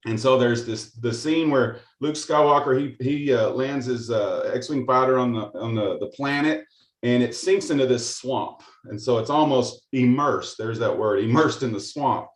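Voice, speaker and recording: A middle-aged man with a mid-pitched voice tells a story on a video call. He talks hesitantly, with fillers and restarts, in an echoey room. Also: moderate pace. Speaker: call participant. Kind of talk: casual storytelling.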